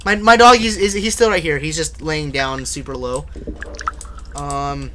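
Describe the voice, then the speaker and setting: A young man calls out a horror game live to his viewers, half joking and half spooked, and he yelps whenever something jumps at him. His voice sits a little high for a man. Steady background noise runs under the stream. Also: normal speed. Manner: jokey, jumpy, shouts when startled. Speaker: livestreaming gamer. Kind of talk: casual live gameplay commentary.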